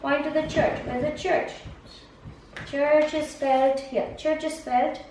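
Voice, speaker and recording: A patient woman teacher coaxing a young student through a map lesson, repeating questions and giving praise. Her voice sits high. She is heard from a distance in a very echoey room with faint background hiss. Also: steady tone, unhurried, a little mellow. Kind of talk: one-on-one map-reading lesson.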